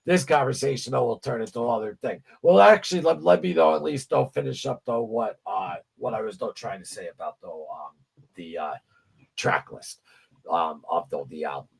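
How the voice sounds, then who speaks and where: A man's voice: medium pitch, lively intonation, normal speed, gravelly, breathy edge. A man co-hosting a livestream, chatting casually about music, rambling and stammering, with frequent swearing. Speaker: livestream co-host.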